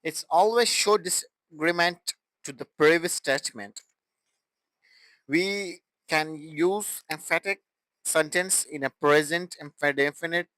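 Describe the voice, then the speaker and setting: A man teaching English grammar in a halting way, with restarts and broken phrasing. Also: a little high, a bit bright, no room sound, poor audio. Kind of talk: classroom grammar explanation.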